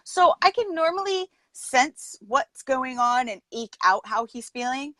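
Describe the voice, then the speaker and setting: Middle aged woman host chatting earnest, kinda high voice, dry close mic. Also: measured pace, no echo, poor audio. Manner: earnest, uses lively metaphors, quotes herself. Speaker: podcast host. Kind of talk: casual interview chat.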